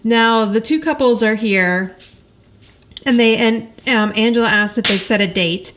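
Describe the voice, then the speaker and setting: A woman's voice: on the high side, unhurried, background noise. A woman hosting a podcast, casually retelling an episode, laughing often and acting out the characters' lines. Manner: chatty storytelling, laughs often, acts out quoted lines. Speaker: podcast host recapping an episode. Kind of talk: casual chat.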